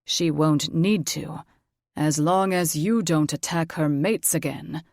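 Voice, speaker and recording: A protective old dragon grandfather, calm and wry, lowered into a deeper register, as a woman narrator puts him on. The pace stays slow in a dry, close recording. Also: dry recording. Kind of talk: audiobook character voice.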